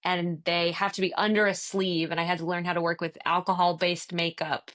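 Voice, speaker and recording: A woman's voice: fairly low pitch, flat delivery, brisk, a bit bright. A woman from the Midwest, chatting as an interview guest, laughing often and acting out quotes. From American Midwest. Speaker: stage actor, interview guest. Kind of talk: casual interview chat.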